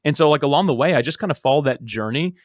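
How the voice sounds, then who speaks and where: A man's voice: on the high side, expressive, no room sound, clean studio sound. A man in his thirties, a podcast guest, telling his story casually with lots of "like" and repeated words. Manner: rapid, full of "like" and repeated words.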